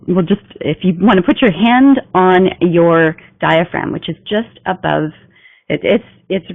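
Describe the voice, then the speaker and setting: Gravelly trainer on a tinny line. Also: mid-range voice, no echo. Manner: emphatic, coaching delivery. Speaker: communication trainer. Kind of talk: business training talk. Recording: tinny phone-like dry recording.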